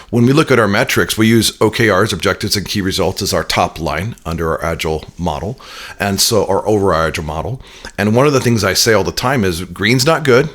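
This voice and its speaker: A man's voice: lowish voice, fairly bright tone. A man being interviewed, explaining his ideas with energy, often repeating words as he starts a sentence. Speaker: interview guest. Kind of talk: conversational business interview.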